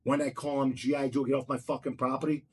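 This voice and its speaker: A man's voice: mid-range voice, level tone, quick pace, slightly rough. A man telling his own stories in a casual chat, blunt, heated and full of swearing. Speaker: storyteller recounting his own run-ins.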